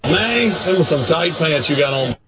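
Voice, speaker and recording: A man doing an impression of a joking Texan male football quarterback, with a put-on Texan accent and a slow drawl. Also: on the high side, expressive, very noisy, natural voice. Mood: joshing.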